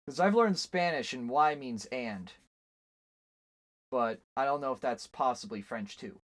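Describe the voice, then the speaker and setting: With a medium-pitched, fairly bright voice and a measured pace, a young man rambles while drawing on a home stream, teasing himself and joking. The sound is dry and studio quality.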